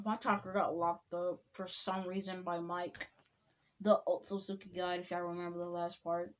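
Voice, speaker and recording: A woman's voice: on the low side, level tone, normal speed. A woman improvising a fan-fiction story in a rambling, loose way, with many "like"s, on a dull lo-fi recording.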